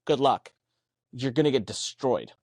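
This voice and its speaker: A man's voice: medium pitch, lively intonation, measured pace, a little mellow, no room sound, studio quality. A man co-hosting a business podcast, telling stories emphatically, acting out quoted dialogue and swearing casually. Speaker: podcast co-host. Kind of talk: animated business podcast chat.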